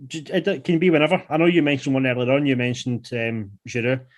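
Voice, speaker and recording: A man's voice: mid-range voice, steady tone, fast. Man hosting a football chat. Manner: leads the talk, steers the questions. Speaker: podcast host.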